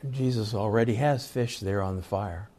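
A man teaching a Bible study, retelling scripture stories in a slow, reflective way and reading passages aloud. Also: fairly low pitch, a little mellow. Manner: slow, reflective storytelling with chuckles.

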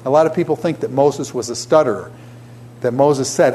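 A man teaching a classroom lecture in an animated way, often asking his students questions. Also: mid-range voice, normal speed, slight background noise.

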